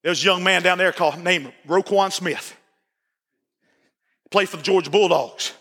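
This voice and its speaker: A middle-aged man preaches with a very high, bright and forceful voice, driving his points home over and over and sometimes shouting. His words ring out with a long reverb, as if from a large church hall. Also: normal speed. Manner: emphatic and repetitive, sometimes shouting. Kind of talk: sermon.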